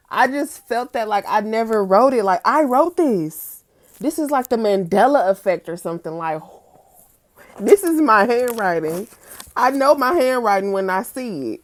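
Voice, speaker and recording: Woman, young adult, reflective vlog, candid and emphatic, fairly low pitch. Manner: candid, emphatic, swinging from musing to excited outbursts. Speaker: vlogger. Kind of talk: reflective personal vlog, reading from her notes.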